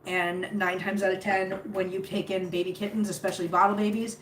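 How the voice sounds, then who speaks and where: A middle-aged woman who rescues cats streams live while sitting on her home floor among cats, chatting casually and rambling with many fillers and restarts. Her medium-pitched voice is level, fairly quick and a bit bright, in a roomy home recording with a faint background hum.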